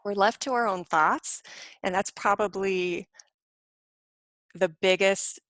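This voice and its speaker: A middle-aged woman, a clinical social worker and spiritual counselor, giving a live webinar talk from home in a quick, rambling, conversational way with lots of fillers. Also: mid-range voice, fairly bright tone, no room sound.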